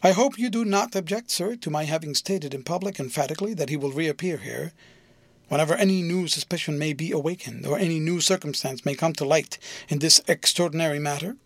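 A man's voice: on the high side, brisk, dry recording. A man voicing an earnest, deferential minor canon in an audiobook, speaking respectfully and a little falteringly. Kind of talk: audiobook character voice.

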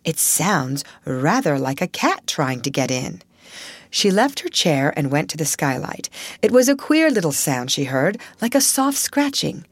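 A woman narrating an audiobook story in an expressive, measured way. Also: medium pitch, no echo.

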